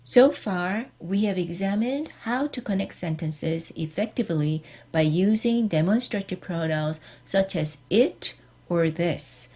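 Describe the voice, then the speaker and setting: Woman reading out a lecture slow and careful, lowish voice, kinda muffled lo-fi sound. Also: a little mellow. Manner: measured, deliberate reading of examples. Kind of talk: scripted online lecture. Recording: dull lo-fi recording.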